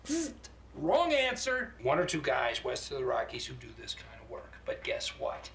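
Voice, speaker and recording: An actor playing a fast-talking, sleazy male criminal lawyer with glib, wisecracking patter in a TV drama. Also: a little high, wildly swooping pitch, vocal fry, a bit bright, heavily acted. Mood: scheming. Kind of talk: TV drama clip played in a reaction video.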